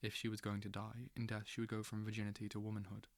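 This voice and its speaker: A man reading a literary novel aloud as an audiobook, slow and intense, with dramatic swells. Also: fairly low pitch, completely flat delivery, no room sound. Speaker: audiobook reader.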